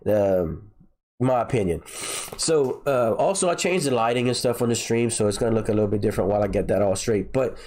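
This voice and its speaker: A man's voice: on the low side, animated, a little fast, a little mellow. A man hosting a casual crypto livestream, nasal and congested from a sinus infection, rambling and often repeating himself.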